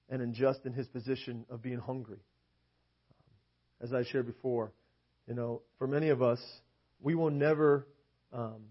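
A young to middle-aged man preaching a sermon in an emphatic way, often checking in with the congregation and reading scripture aloud. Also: medium pitch. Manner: rhetorical, keeps asking "right?". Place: church meeting hall. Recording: dull lo-fi recording.

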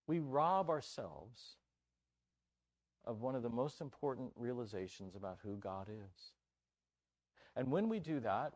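A man preaching a sermon at a church conference, telling a story with lively energy and acting out the characters' voices. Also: medium pitch.

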